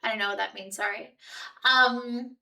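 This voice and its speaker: Chatty woman streamer at home, bright higher voice, bit far from the mic. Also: steady tone, moderate pace, gravelly. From New Zealand and Australia. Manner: chatty, reads out chat messages, lots of fillers. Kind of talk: casual chat with live viewers.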